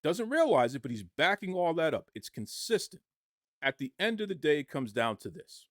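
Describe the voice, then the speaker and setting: A man giving impassioned podcast commentary, arguing forcefully and firing off rhetorical questions. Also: fairly high pitch, very animated, normal speed, no echo, clean studio sound.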